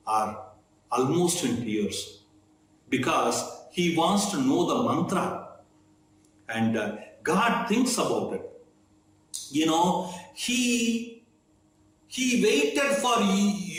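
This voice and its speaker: In a very echoey room with faint background noise, a man tells a devotional story conversationally. His voice is fairly high and a bit bright. He often checks in with "okay?" between sentences and uses plenty of fillers.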